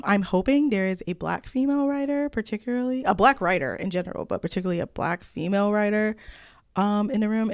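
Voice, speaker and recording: A woman's voice: on the low side, a little mellow, no room sound, studio quality. A young adult woman giving casual rant commentary on films at home, conversational, with trailing asides and sarcastic remarks. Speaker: film commentator.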